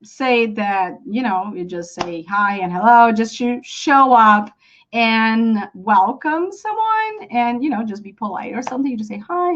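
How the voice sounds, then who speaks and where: A woman's voice: fairly high pitch, fairly bright tone. Brazilian lady teacher, portuguese accent, lots of fillers, muffled stream audio. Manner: chatty, explains with many fillers and apologies. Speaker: English teacher. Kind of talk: live online lesson.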